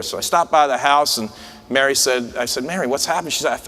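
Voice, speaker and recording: A man's voice: medium pitch, a little fast, sharp tone. Guy giving a president's address at a big convention, chatty storytelling, restarts here and there, long hall echo. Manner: conversational, anecdotal, with frequent restarts. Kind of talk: conference speech.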